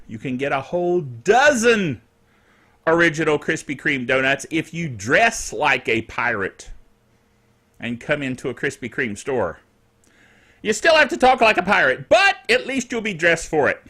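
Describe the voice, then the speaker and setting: A man's voice: high-pitched, bright, forceful tone. A man hosting a casual tech netcast, chatty and rambling, often chuckling at his own asides. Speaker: tech show host.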